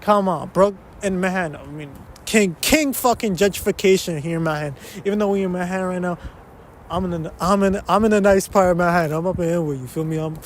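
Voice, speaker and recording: A young man hosts a casual solo podcast from somewhere in an uptown neighborhood of a big city, his voice high and fast over slight background noise. He rambles, interrupts himself, drops curse words, and switches between English and Spanish.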